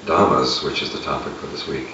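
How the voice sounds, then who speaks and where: A man, a meditation teacher, giving a relaxed, conversational dharma talk and chuckling at his own asides. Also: very deep voice, brisk. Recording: echoey room, distant mic, lo-fi with noise.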